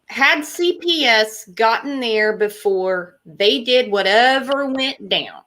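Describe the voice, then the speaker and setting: A woman's voice: a little high, lively intonation, slow, a bit bright. A woman co-hosting a casual true-crime discussion, outspoken and sarcastic. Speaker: podcast co-host.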